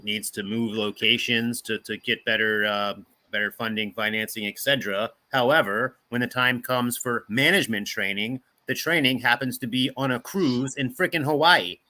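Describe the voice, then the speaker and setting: A man's voice: lowish voice, bright, forceful tone, no echo. A man on a panel making wry, sarcastic remarks in casual chat.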